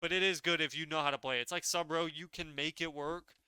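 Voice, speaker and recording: A man's voice: a little high, steady tone, quick pace, pushed and bright, clear, resonant tone, no echo. A young man giving casual, blunt and opinionated tier-list commentary as a gaming video creator.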